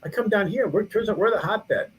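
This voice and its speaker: A man's voice: high-pitched, a little fast, lo-fi sound, a little hiss or hum. A middle-aged man from New York, a museum founder and small-town mayor, chatting in a podcast interview with many restarts. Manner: rambling, frequent restarts and fillers.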